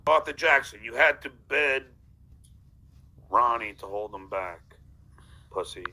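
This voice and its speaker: A man's voice: mid-range voice, lively intonation, a little slow, sharp tone. A man ranting in played clips, profane and combative, hurling insults. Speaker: guest shown in clips. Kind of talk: heated rant.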